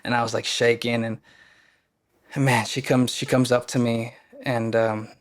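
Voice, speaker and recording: Male podcast guest, mid-pitched, earnest and emotional as he tells his story. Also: little pitch movement, normal speed. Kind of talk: casual storytelling.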